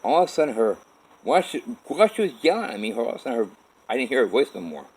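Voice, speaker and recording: A man's voice: medium pitch, very animated, very fast, a little mellow, breathy edge, poor audio. A man telling a personal story in a rambling, profane way, full of restarts. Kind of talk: personal story told to camera.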